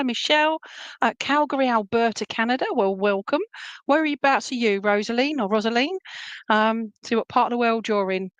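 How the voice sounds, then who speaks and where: A woman's voice: fairly high pitch, fairly bright tone, dry recording. Chatty Essex woman with a dry close sound. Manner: chatty, many fillers and restarts, reads viewer comments aloud. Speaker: medium giving live readings. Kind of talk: casual live-stream chat and readings.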